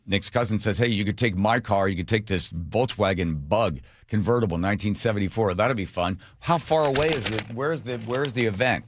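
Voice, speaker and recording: A middle-aged man hosting a radio show, telling a story in a casual, animated, self-mocking way. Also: fairly low pitch, dry recording. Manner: animated, self-mocking, laughs at his own stories. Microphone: studio microphone.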